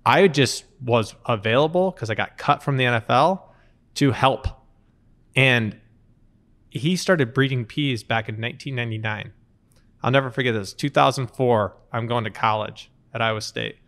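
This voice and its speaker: A man in his thirties, an interview guest, telling lively anecdotes in conversation and acting out quotes along the way. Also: mid-range voice, moderate pace. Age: 30s. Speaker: company co-founder, interview guest. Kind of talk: conversational storytelling.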